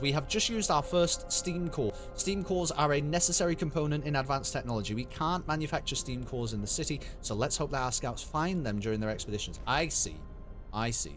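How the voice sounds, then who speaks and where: A British man streaming a game, chatting in a casual, sweary and wry way while he laughs along. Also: medium pitch. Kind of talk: casual gameplay commentary.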